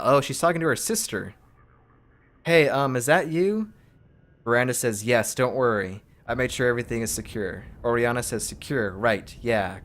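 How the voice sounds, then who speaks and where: A man's voice: medium pitch, a bit bright. A man streaming a game, casually reading its text aloud in his own voice with asides.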